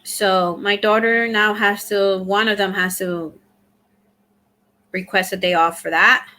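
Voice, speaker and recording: A woman's voice: mid-range voice, steady tone, slow, pushed and bright. A middle-aged woman hosting a casual live stream, chatting and thanking viewers as she reads their comments aloud. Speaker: livestream host.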